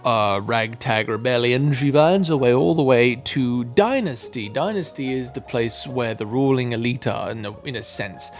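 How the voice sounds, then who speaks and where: A young man casually retelling a story's lore, rambling and self-mocking, with frequent swearing. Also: mid-range voice. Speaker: content creator.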